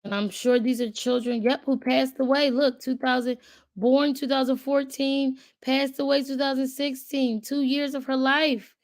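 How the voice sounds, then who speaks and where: A woman's voice: high-pitched, level tone, normal speed, dry recording. A woman hosting a casual video, thinking aloud as she browses and reads web pages aloud to her viewers, with frequent fillers. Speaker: channel host. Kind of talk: casual commentary while browsing and reading aloud.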